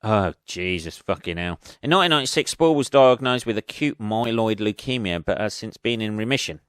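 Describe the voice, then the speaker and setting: Sweary, self-mocking comedian with a smooth voice. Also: male voice, fairly low pitch, animated, fairly quick, no room sound, clean studio sound. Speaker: comedian and podcast host. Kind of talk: rambling casual monologue. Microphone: studio podcast mic.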